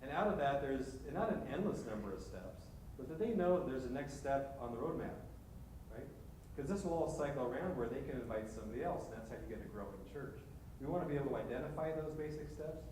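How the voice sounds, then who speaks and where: Midwestern male pastor, halting and conversational, distant mic with faint rumble behind. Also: lively intonation, a little mellow. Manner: halting, many restarts and "right?" asides. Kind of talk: parish leadership talk. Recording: echoey hall from far off, faint rumble.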